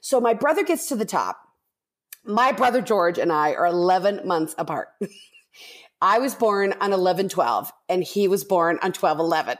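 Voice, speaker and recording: A woman guest on a podcast, telling a personal story in a lively, casual way and acting out the voices of the people in it. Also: on the low side, normal speed. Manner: animated, acts out quotes of others.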